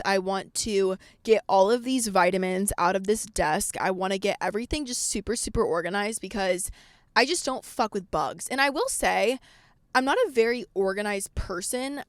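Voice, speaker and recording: A young woman rants through a story on her podcast, cursing often and replaying her own past lines with plenty of energy. Her voice sits at an ordinary middle pitch for a woman. The sound is close and dry, with no room echo. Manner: animated, swears a lot, acts out her own past lines. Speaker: podcast host.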